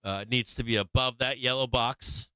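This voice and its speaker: A man's voice: medium pitch, fairly even intonation, normal speed, pushed and bright, smooth, no room sound. A man hosting a stock market live stream, talking through charts live with blunt, swearing remarks and many restarts, a bit worn in the voice as he loses it. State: losing his voice.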